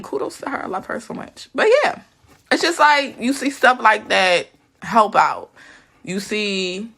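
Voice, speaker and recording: A young woman talks through a tarot reading in a loose, blunt way, cursing and laughing as she goes. Her low voice has a gravelly edge and a bright, forceful tone, and it swings up and down a great deal. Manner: chatty, blunt and profane, laughs often. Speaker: tarot reader. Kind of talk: casual collective tarot reading to viewers.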